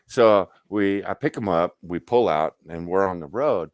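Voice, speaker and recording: A man's voice: low voice, measured pace, no echo, studio quality. A man telling stories casually as a guest, swearing freely and acting out what people said. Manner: animated, profane, acts out quoted dialogue. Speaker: guest on a stream. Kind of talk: casual storytelling.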